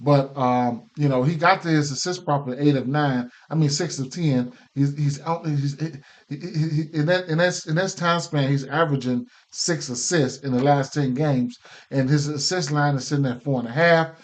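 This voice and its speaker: A man's voice: a little high, normal speed. A man hosting a casual sports betting picks show, talking loosely with many fillers and restarts, and he has the hiccups. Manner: loose, filler-heavy, repeats himself.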